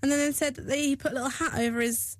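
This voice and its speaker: A woman's voice: high voice, fairly even intonation, rapid-fire, no echo. A woman in her late twenties, co-presenting a radio show in a studio, chatty and giggly in casual talk. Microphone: studio microphone.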